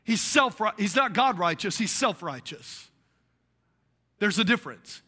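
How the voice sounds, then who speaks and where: A middle-aged man delivers a sermon in a strikingly high voice. His pitch leaps around as he acts out the voices of the people in his stories, and his tone is bright and forceful. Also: unhurried. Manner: animated preaching with acted-out voices. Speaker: pastor.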